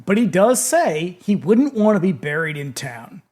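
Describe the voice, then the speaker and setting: Man, podcast co-host, fairly high, lively voice, chatty trivia talk. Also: a little slow. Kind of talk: casual movie chat.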